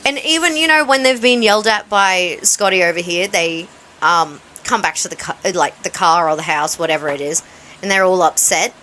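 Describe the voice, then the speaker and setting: An Australian woman co-hosting a casual radio podcast, telling animated anecdotes and acting out bits of dialogue with lots of laughter. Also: lowish voice, brisk, a little hiss or hum. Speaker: radio co-host. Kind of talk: casual chat.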